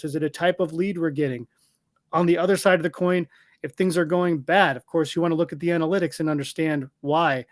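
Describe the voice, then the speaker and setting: Man explaining a product in a dry, close sound. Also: no echo. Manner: explanatory, confident pitch of a product. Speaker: software company guest. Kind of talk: casual interview talk.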